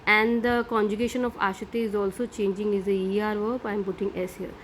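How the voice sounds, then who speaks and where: A woman's voice: mid-range voice, level tone, fast talker, slight background noise. A middle-aged woman teaching a French grammar lesson, explaining patiently step by step and checking in with "right?".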